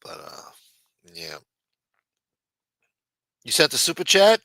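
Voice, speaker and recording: Man, livestream host, bright forceful voice, dry close sound, profane jokey banter. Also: fairly high pitch, huge pitch swings, takes it slowly, long pauses, dry recording. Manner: loose, profane, jokey banter reading viewer chats. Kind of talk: casual profane livestream chat.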